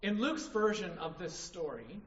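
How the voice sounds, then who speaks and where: In a high-pitched, sing-song voice, a little slow, a preacher drives his sermon home emphatically, often asking the congregation "right?". His voice sounds distant and dull, echoing around the hall.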